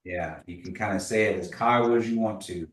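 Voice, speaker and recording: A man's voice: on the low side, a little fast. Patient man teaching language class. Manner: patient, models pronunciation, tells anecdotes. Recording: echoey room, voice from a distance.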